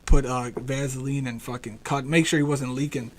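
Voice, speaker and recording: A young man co-hosting a casual live stream, chatting loosely and swearing freely. His voice sits at an ordinary middle pitch, and he rambles along, laughing often. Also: fairly even intonation, normal speed. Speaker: podcast co-host.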